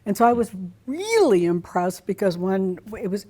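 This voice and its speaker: A middle-aged woman, a guest in an interview, telling a personal story in an animated, expressive way, acting out her own reactions. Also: medium pitch, moderate pace.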